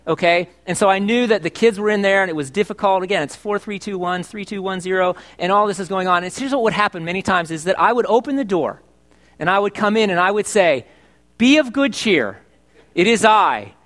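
A man's voice: high voice, fast talker, fairly bright tone. A middle-aged male pastor preaching a sermon in church, chatty and joking, asking his congregation questions. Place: church service.

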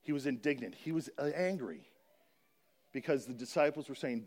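A man speaking to a church congregation about a children's charity, explaining and slowly reading scripture aloud in an earnest manner. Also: medium pitch, animated, a little mellow.

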